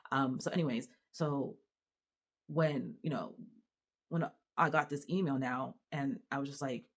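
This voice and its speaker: A mother talking straight to camera in a casual vlog, animated and exasperated, with lots of restarts and fillers. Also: very deep voice, measured pace. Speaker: mother and vlogger. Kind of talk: casual venting monologue to camera.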